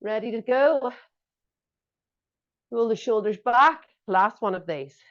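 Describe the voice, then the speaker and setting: A woman's voice: fairly high pitch, slow pace. A woman fitness instructor coaching a workout class, giving encouraging cues and joking asides. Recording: dull lo-fi audio.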